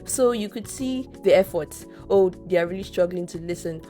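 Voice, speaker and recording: Nigerian woman, low-pitched, earnest. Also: normal speed, warm tone, soft background music. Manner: earnest, reflective, restarts often. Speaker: podcast co-host. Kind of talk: casual podcast chat.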